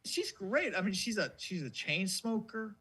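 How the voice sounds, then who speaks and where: A man's voice: high-pitched, sing-song, normal speed, pushed and bright, slightly rough. A man co-hosting a podcast in casual chat, ranting in a mocking, profane way. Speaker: podcast co-host.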